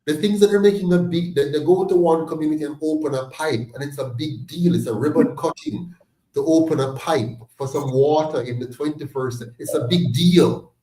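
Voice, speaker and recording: A man's voice: a little high, normal speed, mellow, echoey room, recorded from a distance, poor audio. A Jamaican man hosting a political discussion, talking with emphasis and bursting into indignant exclamations. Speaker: host of a political discussion meeting. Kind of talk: passionate political talk.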